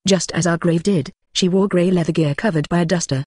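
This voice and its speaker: A synthetic-sounding voice reading a fantasy audiobook in an even, flat manner. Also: mid-range voice, a little fast, husky, dry recording, clean studio sound. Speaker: audiobook narrator. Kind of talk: scripted narration.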